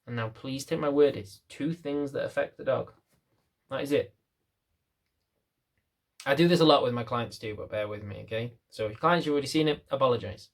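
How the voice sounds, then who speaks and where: Male dog trainer, young, mid-pitched, talks bluntly to camera and rambles, mocking himself as he goes. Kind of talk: casual talk to camera.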